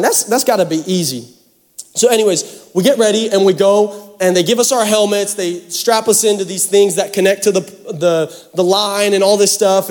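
A young male pastor from the Pacific Northwest, telling a camp story in a sermon with animated, self-mocking drama. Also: sits high. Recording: hall reverb.

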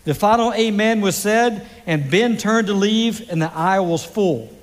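A high-voiced male pastor preaching at an unhurried pace, building the story slowly with long dramatic pauses. His voice rings out with a long hall reverb from a church sanctuary. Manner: slow, dramatic delivery with pauses. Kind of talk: sermon storytelling.

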